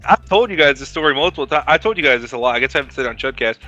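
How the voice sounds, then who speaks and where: A man's voice: medium pitch, expressive, rapid-fire, pushed and bright, muffled recording, soft background music. A man on a casual podcast, telling stories in a profane, rambling way. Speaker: co-host.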